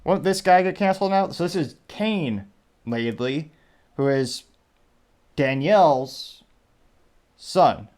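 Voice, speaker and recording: A man's voice: on the high side, expressive, slow, long pauses, darkish tone. Wry rambling male show host. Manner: wry, rambling, reads quotes aloud with "quote, unquote". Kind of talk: casual commentary reading social media.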